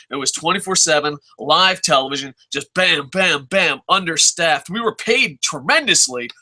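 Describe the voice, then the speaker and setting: A young man hosting a wrestling Q&A show, ranting in a profane, comedic way and putting on mocking voices. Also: high-pitched. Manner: animated, swears constantly, mocking put-on voices.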